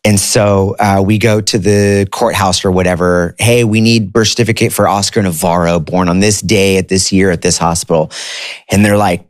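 A middle-aged man casually telling a personal story, chatty and animated when he quotes others. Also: low voice, normal speed, no echo, clean studio sound.

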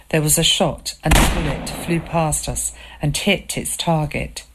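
A woman narrating a first-person story in a calm, measured way. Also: deep voice, creaky.

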